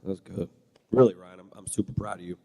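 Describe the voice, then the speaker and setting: Man, very low voice, blunt and opinionated, echoing hall. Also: fairly even intonation, fast, creaky, warm tone. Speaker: church leader and parent. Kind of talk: panel talk.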